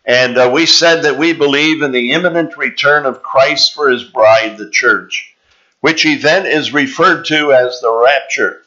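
Slow, bright-voiced male preacher. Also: medium pitch. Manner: slow, deliberate preaching with drawn-out scripture reading. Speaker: pastor. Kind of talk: sermon. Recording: dull, slightly lo-fi sound.

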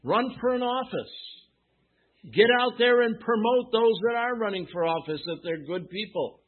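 A man preaching a sermon, asking his listeners questions and answering them with emphasis, pausing between phrases. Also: high voice. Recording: tinny phone-like sound.

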